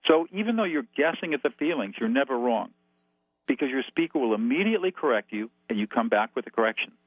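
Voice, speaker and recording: A man's voice: mid-range voice, sing-song, fast talker, no room sound. A man as a guest expert, calling in and laying out numbered steps in a methodical, instructive way over a tinny phone line. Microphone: telephone.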